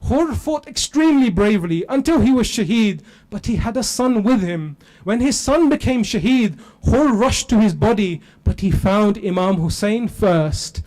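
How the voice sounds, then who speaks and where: Man, high-pitched, emotional sermon narration, lamenting. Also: lively intonation, moderate pace, few pauses, a little mellow. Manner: impassioned, building to a lamenting cry. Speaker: lecturer.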